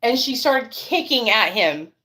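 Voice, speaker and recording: A woman with a voice that sits a little high chats to her viewers in a loose, casual way. She tells stories with plenty of energy and swears freely as she goes. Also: unhurried. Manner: chatty, profane, animated storytelling. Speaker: beauty vlogger and mother. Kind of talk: casual storytelling chat.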